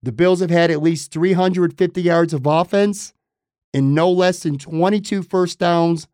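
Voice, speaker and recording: A man's voice: on the high side, a little slow, darkish tone, smooth, no room sound, studio quality. A man hosting a sports podcast, delivering an emphatic, opinionated monologue that repeats points for stress. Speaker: podcast host.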